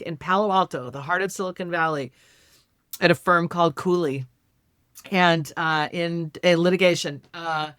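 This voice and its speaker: A woman's voice: lowish voice, a bit bright, no room sound, studio quality. A middle-aged woman speaking as a podcast guest, earnest and heartfelt, with emphatic conversational delivery. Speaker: author and educator, podcast guest. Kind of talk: casual conversational interview.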